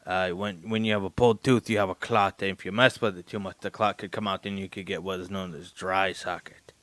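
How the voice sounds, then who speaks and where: A man's voice: deep voice, steady tone, fairly quick, fairly bright tone, dry recording. A man co-hosting a comedy podcast, talking in a goofy, easily flustered way with a sore mouth after getting teeth pulled. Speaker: podcast co-host. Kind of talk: casual comedic podcast banter.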